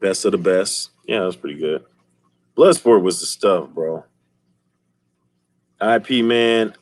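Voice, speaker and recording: A man streaming and chatting casually with his viewers, telling stories in an animated way and laughing often. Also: deep voice, slow, no room sound. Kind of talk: casual chat.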